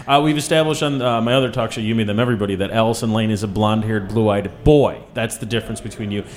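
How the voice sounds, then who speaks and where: A man's voice: on the low side, quick pace. A man hosting a radio show, interviewing a guest in a teasing, playful way. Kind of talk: casual interview.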